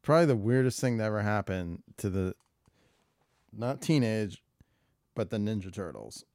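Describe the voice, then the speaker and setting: A man's voice: lowish voice, lively intonation, moderate pace, a little mellow, no echo, studio quality. A man co-hosting a podcast, chatting casually in a rambling, jokey way that often trails off. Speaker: podcast co-host. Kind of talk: casual chat.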